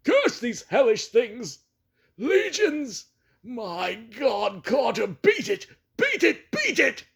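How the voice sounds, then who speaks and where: A man's voice: a little high, slow pace, long pauses, a little mellow, pitched above the performer's own voice. A man voicing a desperate young man trapped underground, pleading and crying out in panic. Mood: shrieking. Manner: frantic, pleading, breaking into shrieks.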